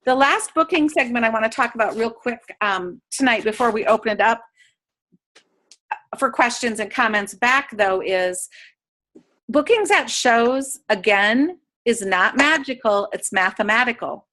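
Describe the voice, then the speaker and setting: Bright, high-voiced woman coaching sellers. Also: expressive, unhurried. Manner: upbeat, coaching, acts out sample chats. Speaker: sales trainer. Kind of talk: training talk to direct sellers. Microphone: video call.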